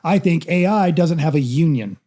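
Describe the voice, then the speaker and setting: A man's voice: fairly high pitch, lively intonation, normal speed, dark tone. A man co-hosting a podcast in casual chat, blunt and opinionated. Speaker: podcast co-host.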